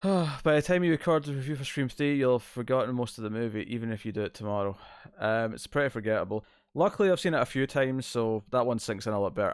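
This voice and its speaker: A man's voice: medium pitch, fast, smooth, no echo. Laid-back man chatting on a livestream. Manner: laid-back, rambling, reads chat aloud. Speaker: streamer host. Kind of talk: casual livestream chat. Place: home living room couch. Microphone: distant mic, moves out of frame.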